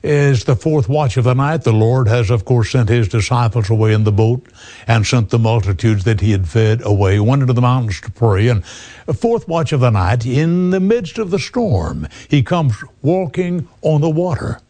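A man's voice: mid-range voice, lively intonation, moderate pace, dark tone. A man preaching a radio sermon, emphatic, addressing the listener as friend.

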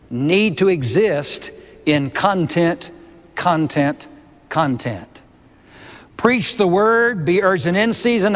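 Slow, emphatic preacher in echoing hall. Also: male voice, high voice. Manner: emphatic, deliberate, repeats key words. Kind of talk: sermon. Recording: long reverb of a large hall.

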